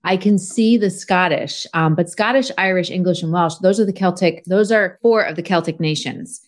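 Lower-voiced woman host, gushing and chatty, wrapping up an interview. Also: moderate pace. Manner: enthusiastic, effusive praise. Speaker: podcast host. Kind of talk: casual interview chat.

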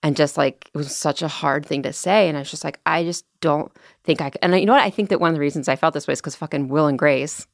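A woman guest on a podcast, chatting casually and telling animated stories, acting out the voices of people she quotes. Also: sits low, quick pace, creaky, hardly any pauses, no echo, clean studio sound. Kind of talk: casual chat.

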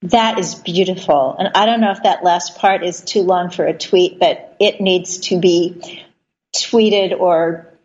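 A woman's voice: fairly low pitch, fairly even intonation, unhurried, a little mellow, dull audio. A woman hosting an interview podcast, asking questions and praising her guest effusively. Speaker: podcast host. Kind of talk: casual interview talk.

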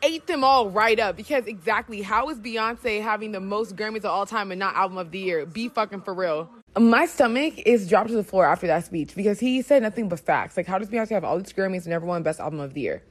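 A woman hosting a podcast, reacting live in an excitable, gushing way and swearing freely. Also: medium pitch, a little fast, hardly any pauses. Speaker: podcast host.

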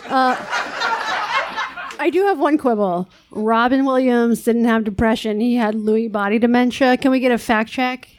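Deadpan, sarcastic female co-host. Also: fairly high pitch, moderate pace, noisy background. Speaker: podcast co-host. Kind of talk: live podcast banter. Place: live venue stage.

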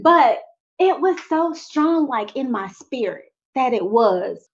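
A young adult woman telling a personal faith testimony in an animated way, talking straight to her audience. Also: high voice, slow pace, lo-fi sound. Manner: animated, addresses audience directly. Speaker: speaker sharing a testimony.

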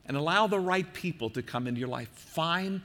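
An older man, a pastor from the American Midwest, preaching an earnest sermon that slows and softens for emphasis. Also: fairly high pitch, animated, in a large hall.

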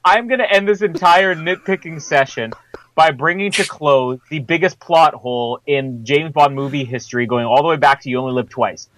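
A man's voice: a little high, moderate pace, a bit bright, no echo, low-quality recording. A man co-hosting a podcast, joking through a casual film discussion and laughing as he talks. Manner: joking, laughs while talking. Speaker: podcast co-host.

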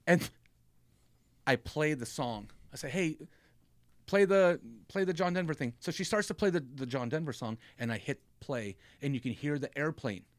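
A man with a slightly high, very lively voice spins a comic story in casual chat, jumping into the voices of the people in it. The sound is dry and close, with no room around him. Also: moderate pace, dry recording. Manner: animated storytelling, acting out quotes. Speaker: storyteller on a comedy podcast.

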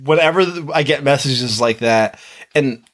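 A man co-hosting a horror podcast in casual chat, animated, laughing often and swearing as he tells stories. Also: mid-range voice, moderate pace. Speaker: podcast co-host.

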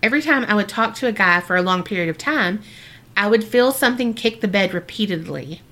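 A woman's voice: medium pitch, animated, sharp tone. A woman co-hosting a podcast, reading a listener's letter and reacting in a bubbly, chatty way. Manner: bubbly and reactive, quick exclamations. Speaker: podcast co-host.

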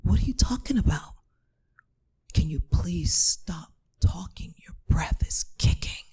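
A weary young husband, put on by a woman telling a story, pleads in a hushed, breathy half-whisper. His words come slow and exasperated. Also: on the low side, lively intonation, heavily acted.

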